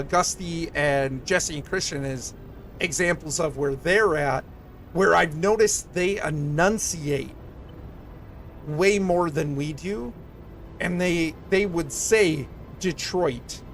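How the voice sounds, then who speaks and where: A young man with a Southwest Michigan accent talks casually to his viewers, rambling and full of fillers as he reads chat aloud. His voice sits a little high, with soft music faint in the background. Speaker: streamer.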